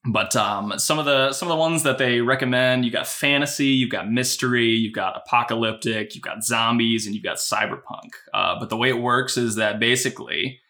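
A man's voice: medium pitch, brisk, few pauses, bright, forceful tone. A man hosting a casual podcast with friends, upbeat and rambly, often restarting his sentences. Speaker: podcast host running an AI text adventure.

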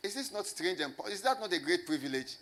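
A man preaching a sermon in a somewhat high voice. He leans hard on repetition and keeps asking the congregation questions. He slows right down to press home key words. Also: animated, a bit bright. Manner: emphatic, repeats phrases and asks the congregation rhetorical questions. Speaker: pastor.

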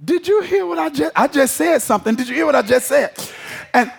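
A man's voice: extremely high pitch, lively intonation, brisk, vocal fry. A man preaching a sermon, emphatic, often checking that the congregation is following him.

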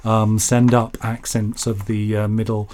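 A man's voice: lowish voice, level tone, unhurried, a little mellow. A man from Yorkshire co-hosting a casual radio show, rambling and joking as he reads out listener mail. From Yorkshire, England. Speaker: radio co-host.

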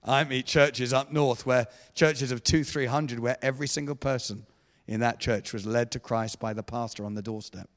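A man preaching a sermon in a church, telling a story with animated delivery and acted-out voices. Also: medium pitch, moderate pace. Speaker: guest preacher. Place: church hall. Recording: echoey church hall.

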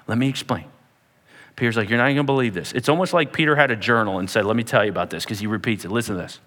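A man preaching a sermon to a room, retelling scripture in a dramatic, animated way and acting out the people in it. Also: on the low side, rapid-fire. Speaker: pastor. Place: church hall.

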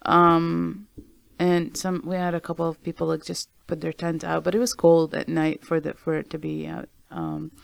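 A guest in a casual conversation who talks hesitantly, with many pauses and fillers. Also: mid-range voice, little pitch movement, creaky, smooth, dry recording.

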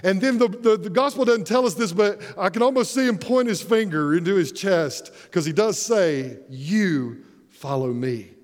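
A man's voice: high-pitched, lively intonation, moderate pace, hardly any pauses, big-room sound. A man preaching a sermon as pastor, earnest and emphatic, posing rhetorical questions.

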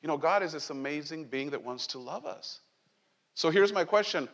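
A man's voice: a little high, normal speed, big-room sound. A man preaching a sermon as pastor, talking conversationally and joking with his congregation. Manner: conversational, animated preaching with jokes and asides. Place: church sanctuary.

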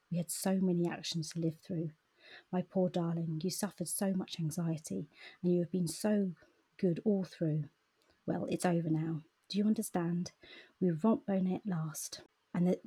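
A woman co-hosting a book podcast, chatting casually and reading passages in a soft whisper. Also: on the low side, slightly rough. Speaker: podcast co-host.

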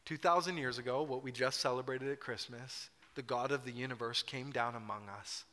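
A man's voice: medium pitch, fairly even intonation, fairly quick, sharp tone. A man preaching a sermon as pastor, telling a story in a conversational way and acting out quotes playfully. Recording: reverberant hall.

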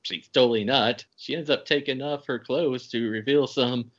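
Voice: medium pitch, normal speed. A podcast host recapping a movie in casual chat, laughing while retelling scenes. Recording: dull, lo-fi podcast audio.

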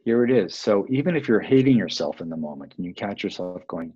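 A man's voice: sits low, expressive, fairly quick, a little mellow, husky, dry recording, dull audio. A man explaining mindfulness in a rambling, self-aware way, acting out little quoted voices. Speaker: interview guest.

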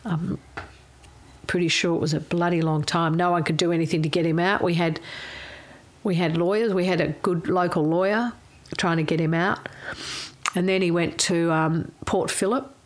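An older Australian woman telling a candid personal story in a frank, wry, salty way, her voice going a little hoarse. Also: fairly low pitch, steady tone, moderate pace. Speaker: interviewee.

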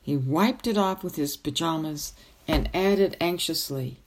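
A woman reading a novel aloud as a storyteller, with gentle, even narration. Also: low voice, unhurried.

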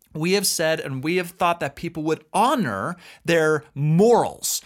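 A man's voice: a little high, fairly bright tone. A man co-hosting a talk, giving earnest and emphatic advice in a lecturing way. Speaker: co-host.

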